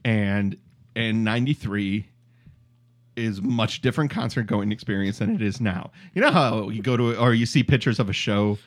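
A man's voice: on the low side, normal speed. A man in his forties from Michigan, hosting a casual podcast chat, joking and laughing often. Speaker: podcast host.

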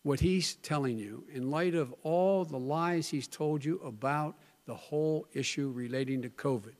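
A man's voice: a little high, moderate pace, a little mellow. An older man debating on a televised stage, earnest and given to repeating and restarting phrases. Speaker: debate candidate. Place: large hall. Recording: long reverb of a large hall.

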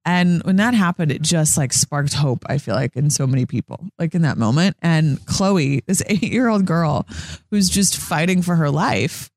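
A woman's voice: low voice, normal speed, a little mellow, no room sound. Young woman reporter chatting earnestly, lots of likes, dry close sound. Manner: earnest, chatty, many "like" fillers, acts out quotes. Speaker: sports TV reporter, interview guest. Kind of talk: casual interview storytelling.

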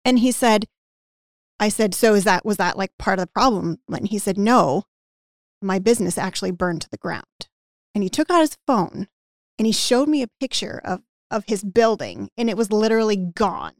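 A woman on a podcast who coaches business owners on hiring and team culture, telling a story with lively acted-out quotes and lots of "like". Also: medium pitch, normal speed, dry recording, studio quality. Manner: animated anecdote-telling with acted-out quotes and frequent "like".

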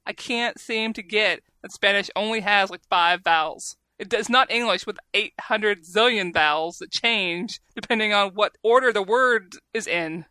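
A woman's voice: medium pitch, moderate pace, hardly any pauses, bright, forceful tone, dry recording. A woman with a Southern US accent, co-hosting a casual podcast chat, chatty and self-deprecating. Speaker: podcast co-host.

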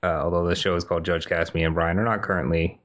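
A man hosting a podcast in casual chat, relaxed with teasing banter. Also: sits low, fast talker. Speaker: podcast host.

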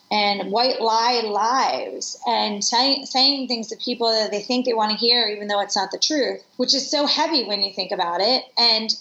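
A woman in her forties tells personal stories in an interview, sounding earnest and reflective. Her voice sits a little high. The room is echoey and the sound is dull and lo-fi. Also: sharp tone. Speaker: guest. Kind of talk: conversational interview.

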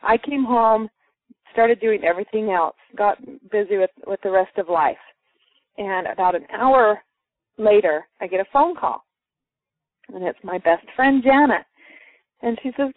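A woman's voice: mid-range voice, unhurried, long pauses, no room sound. A woman telling a personal story to a group, acting out the voices of the people in it. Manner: lively, acts out quoted voices. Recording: muffled phone-line sound, dry.

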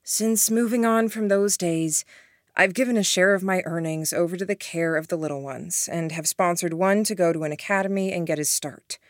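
A pleading storybook witch with a low, earnest voice, as a woman reads her. She speaks with sincerity and keeps her tone close and dry, with no room sound. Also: moderate pace, no echo, natural voice. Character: remorseful middle-aged woman, a witch, pleading.

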